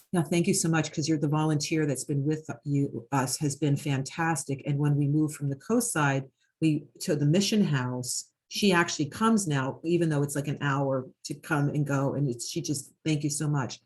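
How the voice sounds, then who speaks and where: Low, husky-voiced woman telling a story. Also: normal speed, darkish tone. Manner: earnest, reflective storytelling with many fillers. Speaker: hospice worker and host of conversation. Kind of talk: storytelling in a conversation.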